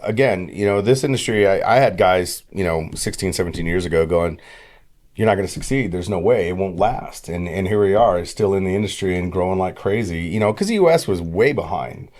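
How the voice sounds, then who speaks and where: Middle-aged male podcast guest, low-ish voice, animated storyteller who voices quoted dialogue. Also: a little fast. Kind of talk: casual storytelling.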